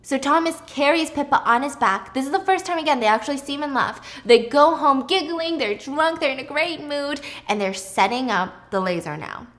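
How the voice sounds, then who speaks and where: A woman hosting a casual movie recap, chatty and animated, swearing freely as she tells it. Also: high-pitched, normal speed, few pauses. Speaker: host.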